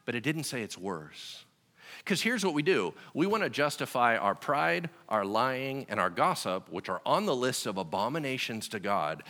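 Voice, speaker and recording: A man preaching in an expressive, swooping voice with a bright, ringing edge. He acts out quick imagined voices in a conversational style. His voice carries a long reverb, as if from a large church hall. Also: mid-range voice. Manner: animated, acts out voices of God and listeners; drops to a quieter, softer delivery when reassuring. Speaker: pastor. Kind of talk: sermon.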